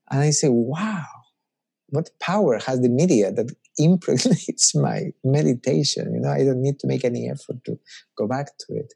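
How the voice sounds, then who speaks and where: A man's voice: medium pitch, creaky, dark tone, breathy edge. A man preaching a conversational sermon as a pastor, reflective and personal, musing aloud.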